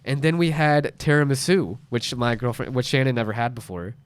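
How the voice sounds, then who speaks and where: A brisk, medium-pitched podcast host in his late twenties has a clear, resonant tone. Chatting casually, he tells an animated story and performs others' quotes in raised voices.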